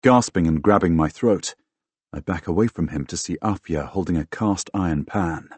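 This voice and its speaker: Husky, deep-voiced male audiobook narrator. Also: moderate pace, dry recording. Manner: dramatic, expressive, bursts into loud shouts in dialogue. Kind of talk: first-person fantasy audiobook narration.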